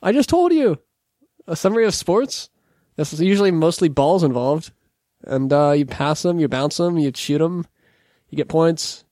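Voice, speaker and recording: Man, podcast co-host, joking, high voice, dry sound. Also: animated, moderate pace, warm tone, dry recording. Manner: joking, puts on silly accents, laughs often. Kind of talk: casual chat.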